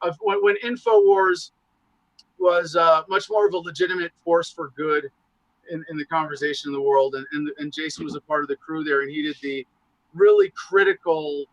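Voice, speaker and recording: A man in casual podcast conversation, talking in animated, profane, rambling asides. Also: on the high side, moderate pace, no echo, lo-fi sound. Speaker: podcast guest, show host.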